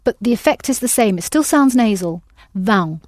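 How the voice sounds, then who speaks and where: A woman's voice: on the high side, expressive, a little fast, dark tone, dry recording, studio quality. A woman teaching a language lesson, patiently prompting her students with questions.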